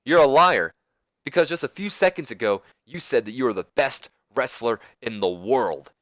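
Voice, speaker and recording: A man voicing a brash, cocky male wrestler who loudly taunts and challenges the champion in a wrestling game promo. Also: medium pitch, lively intonation, normal speed, no echo, studio quality, lightly acted. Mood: challenging. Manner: taunting, challenging, raised and loud.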